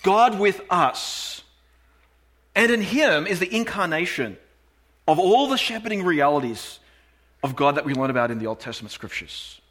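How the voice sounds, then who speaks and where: A man preaching a sermon, reading scripture aloud in a measured, emphatic way and slowing down on key phrases. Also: a little high, lively intonation, a bit bright.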